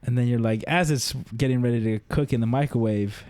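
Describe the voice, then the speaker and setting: A man's voice: medium pitch, a little fast, a little mellow. A man hosting a podcast, telling a funny story in a slangy way, laughing often and acting out what people said. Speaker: podcast host. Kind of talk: casual storytelling chat.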